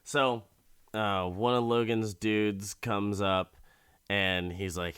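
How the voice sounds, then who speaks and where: A man's voice: on the low side, steady tone, takes it slowly, a bit bright, clear, resonant tone, no echo. A man hosting a podcast, recapping an episode in a profane, joking, rambling way from his studio mic. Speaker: podcast host. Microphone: studio mic with headphones.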